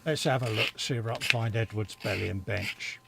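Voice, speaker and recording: A man's voice: on the low side, a little fast, gravelly, heavy background noise. A middle-aged man co-hosting a live stream, bantering dryly and reading out chat messages. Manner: dry joking, reads chat aloud. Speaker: co-host of a live hobby stream. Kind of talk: casual banter.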